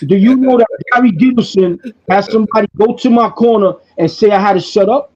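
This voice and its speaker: A man hosting a podcast, telling a story in an excitable, profane way and repeating himself. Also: high-pitched, a little fast, lo-fi sound. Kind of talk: animated casual storytelling.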